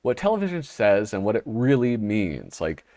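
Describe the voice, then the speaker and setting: A man's voice: fairly low pitch, very animated, normal speed, mellow, no room sound, clean studio sound. A man hosting a casual show, flipping through an old humor magazine and reading the panels aloud with a wry, rambling manner. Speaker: host.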